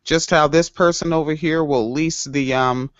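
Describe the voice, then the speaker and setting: A man's voice: a little high, steady tone, normal speed, no room sound. A man co-hosting a podcast, chatting sarcastically with a lot of swearing and loose rambling. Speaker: podcast co-host. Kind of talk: casual chat. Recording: dull lo-fi sound.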